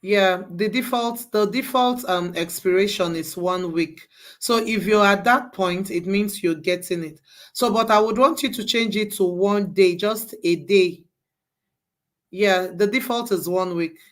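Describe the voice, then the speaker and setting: A woman's voice: medium pitch, a little slow. A woman leading a live class, walking students through each step and repeating herself to coax them along. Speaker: bootcamp instructor.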